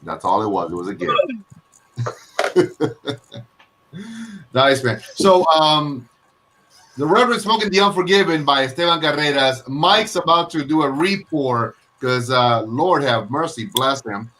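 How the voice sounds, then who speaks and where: A man's voice: mid-range voice, animated, measured pace, pauses often, bright, forceful tone, slight background noise. A man hosting a casual live video-call chat, rambling with frequent fillers and restarts. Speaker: host.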